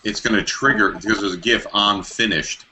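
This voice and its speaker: A man's voice: lowish voice, fairly even intonation, normal speed, bright, forceful tone, slight background noise. A man co-hosting a podcast, chatting casually about tech with dry jokes. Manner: dry joking, matter-of-fact. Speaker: podcast co-host.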